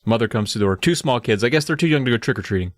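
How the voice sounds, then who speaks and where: A man co-hosting a podcast, casually recapping a book, animated and swearing as he acts out scenes. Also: mid-range voice, very fast, no room sound. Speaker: podcast co-host.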